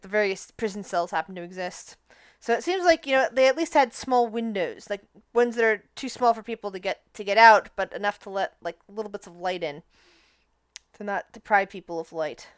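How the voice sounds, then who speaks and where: Rambling woman game master, smooth voice. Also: medium pitch, no echo. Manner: rambling, filler-heavy. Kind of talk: narrating a tabletop game.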